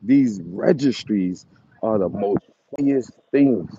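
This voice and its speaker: A man's voice: lowish voice, expressive, takes it slowly, warm tone, a little hiss or hum. A man who breeds dogs, ranting at his viewers in a taunting, repetitive, mocking way with chuckles. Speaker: dog breeder. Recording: dull lo-fi recording.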